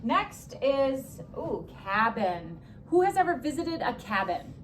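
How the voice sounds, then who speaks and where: A young woman teaching a classroom spelling lesson, upbeat, stretching words and throwing in quick asides. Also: high-pitched, big pitch swings, a little hiss or hum.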